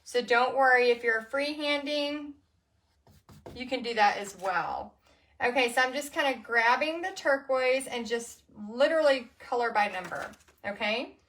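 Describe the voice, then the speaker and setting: A Texan woman with a high, bright voice runs a live-streamed painting lesson. She chats and giggles as she works and calls out to viewers by name. Her voice stays light and sunny throughout. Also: expressive, unhurried. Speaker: paint party instructor.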